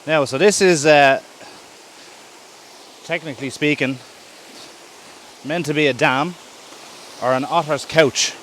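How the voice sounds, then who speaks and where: An Irish podcast host telling a story casually while walking outdoors in the woods, filming himself and often correcting himself. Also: male voice, on the high side, slow pace, pauses often, a bit bright, slight background noise. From Ireland. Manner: chatty, rambling, self-correcting. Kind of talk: casual storytelling on a woodland walk. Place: outdoor woodland walk. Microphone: self-held camera while walking.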